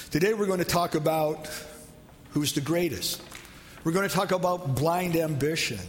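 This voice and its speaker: High-voiced pastor preaching conversationally. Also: male voice, moderate pace, in a large hall, slight background noise. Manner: conversational, asks the congregation questions. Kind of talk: sermon.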